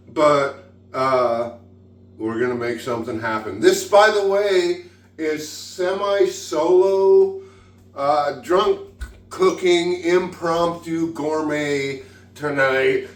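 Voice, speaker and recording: A man's voice: a little high, far from the mic. Tipsy man rambling in an echoey kitchen. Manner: rambling, giggly, swears freely. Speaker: home cook, vlog host. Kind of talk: casual tipsy cooking vlog. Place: home kitchen.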